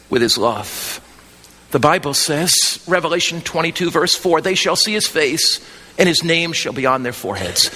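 A man preaching an evangelistic sermon, swinging from impassioned near-shouts to a hushed, gentle altar call. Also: a little high, animated, moderate pace, big-room sound.

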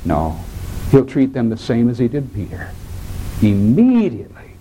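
A man preaching a sermon in a dramatic way, swinging from raised, drawn-out lines to hushed, low asides, and acting out the voices he quotes. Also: wildly swooping pitch, slight background noise, poor audio. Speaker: pastor.

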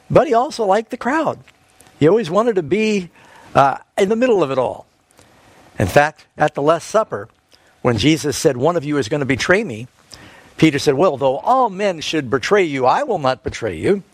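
A man giving a sermon, retelling a Bible story and quoting scripture in a lively storytelling manner. His voice sits mid-pitch and sounds close and dry, with no room echo. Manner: storytelling, quotes scripture, shifts pitch for emphasis. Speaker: preacher.

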